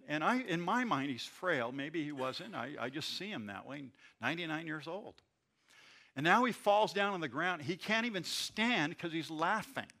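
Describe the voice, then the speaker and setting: A man preaching an expository sermon, explaining a scripture passage in a conversational, animated way. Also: a little high. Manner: conversational, animated retelling with acted quotes.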